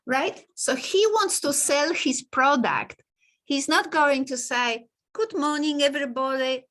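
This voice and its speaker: A woman teaching a class over a video call, explaining in a lively, conversational way with frequent laughs. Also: high voice, slow. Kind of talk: online lecture.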